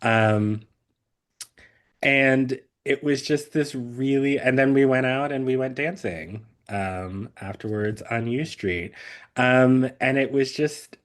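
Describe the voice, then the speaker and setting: A man's voice: mid-range voice, takes it slowly. A man in his thirties co-hosting a podcast, telling a story in a rambling casual way, with many fillers and frequent laughs. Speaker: podcast co-host. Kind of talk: casual chat.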